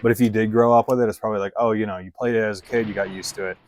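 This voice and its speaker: Low-voiced man rambling over gameplay. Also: fairly even intonation, rapid-fire, low-quality recording. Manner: rambling, heavy swearing, lots of "like". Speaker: let's play streamer. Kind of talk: casual gameplay commentary.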